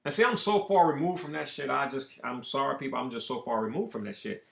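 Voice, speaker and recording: A man's voice: medium pitch, fast talker, creaky. A man telling a story in a casual monologue, profane and emphatic, talking in bursts. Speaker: show host. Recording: roomy echo.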